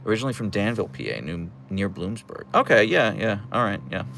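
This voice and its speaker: Low gravelly guy from pittsburgh way, chill livestream host, lively up and down voice, jokes around with chat. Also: fast, a little hiss or hum. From Pittsburgh area, USA. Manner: chatty, teasing, dry jokes, answers chat messages.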